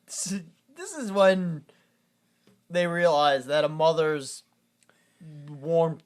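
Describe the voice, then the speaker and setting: Young male podcast co-host; slow, easygoing sidekick with frequent laughs and crude asides. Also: fairly high pitch, clean tone. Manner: laid-back, laughs often, blunt swearing. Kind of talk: casual movie-recap chat.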